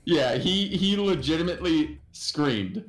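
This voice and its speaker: Animated man in a roomy space. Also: fairly high pitch, measured pace. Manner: animated storyteller, acts out others' voices. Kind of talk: casual chat.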